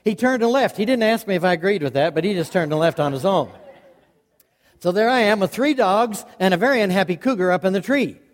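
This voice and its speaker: Folksy guy spinning a yarn, animated, chuckles a lot, fairly high voice, long echo like a big hall. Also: brisk. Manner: lively, animated, chuckling through the tale. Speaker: storyteller. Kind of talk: folksy live storytelling.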